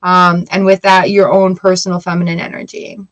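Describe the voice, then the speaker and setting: A woman's voice: on the low side, flat delivery, fairly quick, a bit bright, poor audio. A woman reading tarot cards for a live audience, chatty and upbeat, greeting viewers by name between cards. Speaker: tarot reader.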